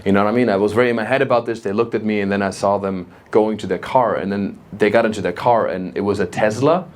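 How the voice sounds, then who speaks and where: A man with a German accent doing stand-up crowd work, playful and animated, often laughing at his own jokes. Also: on the low side, fast. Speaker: stand-up comedian.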